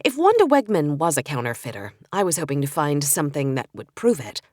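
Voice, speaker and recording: Low-voiced woman narrating a cozy mystery. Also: very animated, brisk, darkish tone, dry recording, clean studio sound. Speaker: audiobook narrator. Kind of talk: first-person mystery narration.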